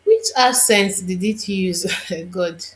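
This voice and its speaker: A woman's voice: medium pitch, slow, soft background music. A woman instructor giving a screen-recorded tutorial, thinking aloud and muttering to herself as she works.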